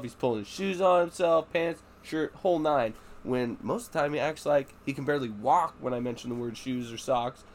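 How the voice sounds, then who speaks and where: A man's voice: medium pitch, fairly quick, few pauses. A man hosting a casual podcast, swearing freely and acting out his kids' voices in stories. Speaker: podcast host. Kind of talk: casual chat.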